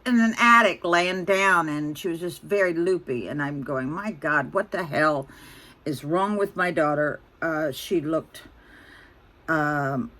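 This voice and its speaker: A woman's voice: deep voice, unhurried, bright, forceful tone. A woman in her sixties, venting bluntly and ramblingly to her phone camera. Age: 60s. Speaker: vlogger.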